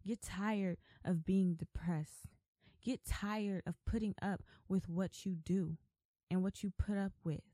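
A woman's voice: mid-range voice, steady tone, slow, warm tone, dry recording. A woman hosting a faith podcast, talking emphatically and with repetition, like an exhortation. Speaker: podcast host.

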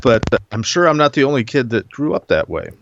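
A man in a casual panel discussion, talking earnestly and haltingly with many restarts. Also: medium pitch, sing-song, gravelly, lo-fi sound, slight background noise. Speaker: panel guest.

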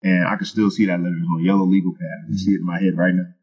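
A man's voice: sits low, level tone, racing, a little mellow, husky, poor audio. A man telling his personal testimony as a guest in an interview, earnest and casual, with many fillers and restarts. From Virginia.

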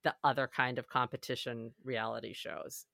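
Casting: woman, low pitch, bright forceful tone, dry close sound, chatty podcast guest. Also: level tone, moderate pace, gravelly, dry recording. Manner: chatty, laughs often, playful mimicry. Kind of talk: casual chat.

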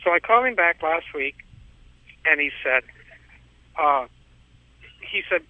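A man's voice: sits high, measured pace, pauses often, no echo. A man calling in to a show, telling a story in a rambling way and repeating his words. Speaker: caller. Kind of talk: casual phone-in storytelling. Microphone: telephone. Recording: tinny phone line, dry.

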